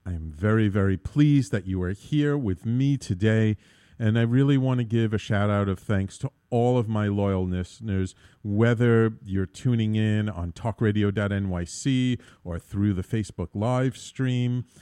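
Male talk radio host, low-pitched, mellow tone, earnest and rambling, dry close recording. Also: measured pace, clear, resonant tone, no room sound. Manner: rambling, many fillers and restarts. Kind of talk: casual radio talk monologue.

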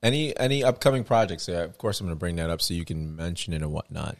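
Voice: low-pitched, fast, no echo, studio quality. A podcast host in casual chat, who laughs often and keeps the guest talking.

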